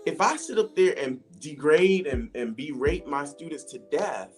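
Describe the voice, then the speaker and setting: A man's voice: a little high, lively intonation, moderate pace. Casting: man, 40s, earnest and emotional storyteller, casual chat, music under the voice. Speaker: podcast co-host. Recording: music playing behind.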